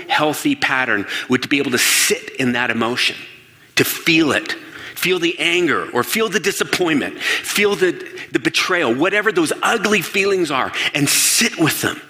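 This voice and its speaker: A man giving a lively talk to an audience in a large hall. He asks the listeners questions and acts out the voices he quotes. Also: medium pitch. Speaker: speaker addressing an audience. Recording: long reverb of a large hall.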